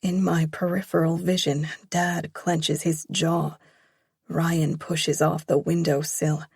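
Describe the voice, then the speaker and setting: A woman's voice: sits low, little pitch movement, slow pace, gravelly, darkish tone, breathy edge, no echo, clean studio sound. A woman narrating a first-person romance audiobook, emotional and pleading in dialogue.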